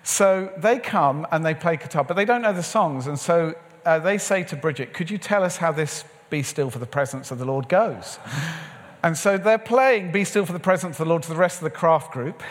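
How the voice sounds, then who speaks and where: Middle-aged male preacher, conversational storytelling sermon, slightly high voice, long hall reverb. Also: lively intonation, normal speed. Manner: conversational storytelling with acted-out dialogue. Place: large church or event hall.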